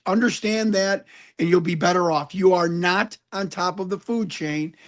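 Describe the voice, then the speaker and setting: High-voiced earnest man preaching hope. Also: normal speed, fairly bright tone. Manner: earnest, preachy, repeats words when stuck. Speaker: guest, UFO investigator. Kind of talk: conversational interview.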